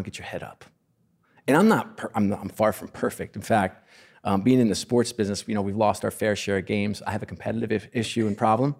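A middle-aged man on a podcast, telling stories in an earnest, animated way and acting out the dialogue. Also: fairly low pitch, creaky, breathy edge. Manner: earnest, animated storyteller who acts out quoted dialogue. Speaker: podcast guest. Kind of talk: casual conversational storytelling.

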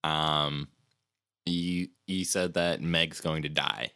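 A man with an extremely deep voice asks questions on a casual podcast, pausing on fillers as he goes. The sound is dry and close. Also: steady tone, bright, forceful tone, clean tone, dry recording. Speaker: podcast co-host.

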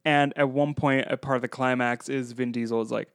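On a podcast he co-hosts, a man chats casually about a movie, slipping into playful impressions of lines from the film. His mid-range voice is brisk, clear and resonant with fairly even intonation, captured in a dry, studio-quality recording.

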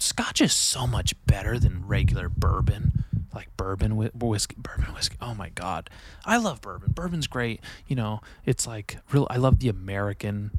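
Over a noisy background, a man with a lowish voice hosts a solo podcast. He rambles casually, swearing a lot and mocking himself along the way.

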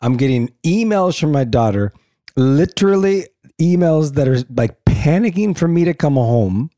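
A middle-aged man co-hosting a relaxed talk, recounting family mishaps with animated impressions. His voice is warm and mellow, recorded close and dry. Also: fairly high pitch, normal speed, no echo. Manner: animated storyteller, mimics family members. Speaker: podcast co-host. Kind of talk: casual chat.

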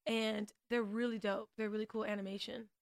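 A woman chatting casually about a TV show, excitable and swearing freely, laughing often. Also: medium pitch, a little fast, creaky, dry recording, clean studio sound. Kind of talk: casual chat.

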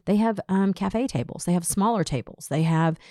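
A woman's voice: medium pitch, normal speed, dry recording, studio quality. A woman co-hosting a radio show, telling stories in casual chat and acting out the quotes. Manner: animated storyteller acting out quotes.

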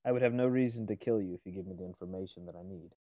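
A man's voice: deep voice, very fast, no echo. A man playing a character in a tabletop game, talking animatedly with laughing asides. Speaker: player. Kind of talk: tabletop role-play. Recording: dull lo-fi mic.

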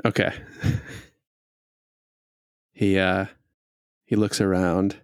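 رجل يدير لعبة أدوار كمدير اللعبة، يروي ببطء ويضحك كثيرًا. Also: male voice, low voice, level tone, very slow, clear, resonant tone, no room sound, studio quality. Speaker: game master. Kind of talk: narrating a tabletop game.

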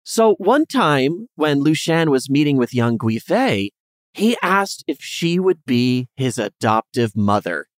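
A man's voice: medium pitch, slow pace, dry recording, clean studio sound. A man co-hosting a podcast, casually telling history and acting out the people in it with funny voices. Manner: animated, acts out characters in funny voices. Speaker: podcast co-host.

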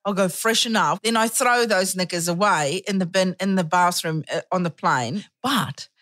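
A woman's voice: on the low side, moderate pace, fairly bright tone, no room sound, studio quality. A woman hosting a podcast and telling a candid, self-mocking story, laughing hard at herself. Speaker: podcast host. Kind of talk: casual storytelling chat.

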